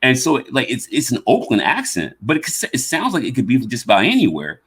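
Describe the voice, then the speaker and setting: A man's voice: medium pitch, huge pitch swings, a little fast, a bit bright, husky. A man in his fifties from the American South, with a slight Southern drawl, hosting a podcast in a rambling, casual way and often repeating words as he gathers his thoughts. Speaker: podcast host. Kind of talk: casual conversation.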